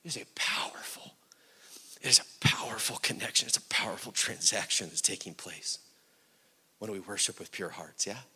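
A man preaching a sermon to his congregation. He asks them questions and swings from loud, rising peaks down to hushed whispers. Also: lowish voice, fairly quick, slightly rough. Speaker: pastor.

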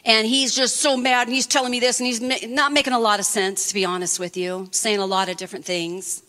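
Woman preacher, fervent storyteller; bright, pitched a bit high. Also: flat delivery, a little fast. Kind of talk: testimony sermon.

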